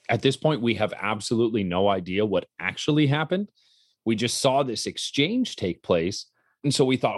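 This podcast co-host and color commentator has a medium-pitched, expressive voice and speaks at a moderate pace. On a casual talk show, he animatedly tells a story and acts out the quotes, captured in a dry, studio-quality recording.

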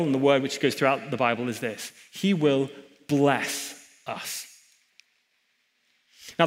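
A man preaching a sermon in a church hall, emphatic, with chatty asides to the congregation. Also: mid-range voice. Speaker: pastor.

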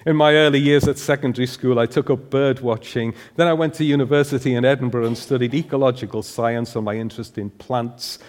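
A man's voice: medium pitch, steady tone, a little fast, hardly any pauses. An older man giving a humorous sermon, putting questions to the congregation in a church. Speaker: preacher. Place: church hall. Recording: long hall reverb.

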